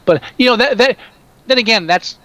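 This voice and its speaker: A man's voice: very high-pitched, normal speed, pushed and bright, rough recording. A man chatting casually on a podcast with a New Jersey accent, rambling with frequent restarts and mocking asides. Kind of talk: casual chat.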